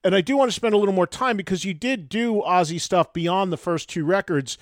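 Radio host guy interviewing, bit high voice, super dry mic. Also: fairly quick, no room sound. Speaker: podcast host. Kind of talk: interview conversation.

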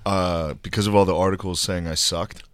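A man's voice: sits low, fairly even intonation, fairly quick, dry recording. A man who is a guest comedian, chatting casually on a podcast in a loose, profane, self-deprecating way.

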